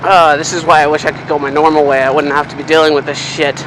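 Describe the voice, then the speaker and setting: Young guy rambling from his car, bright slightly high voice, cusses a lot, faint road noise. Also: quick pace, rough recording. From Canada. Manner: rambling, swears freely, excitable. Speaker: vlogger. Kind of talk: casual chat while driving. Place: inside a car, driving in city traffic.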